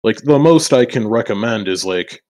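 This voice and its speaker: A man's voice: on the low side, lively intonation, moderate pace, darkish tone. A man playing a tabletop role-playing game, chatting casually and rambling with plenty of swearing. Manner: loose, rambling, swears a lot, laughs between lines. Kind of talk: casual game chat in and out of character.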